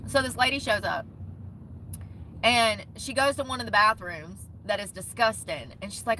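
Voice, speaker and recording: A young woman vlogging about van life rants through an indignant, profane storytime in short bursts. Her mid-range voice is pushed and bright at a moderate pace, with slight background noise.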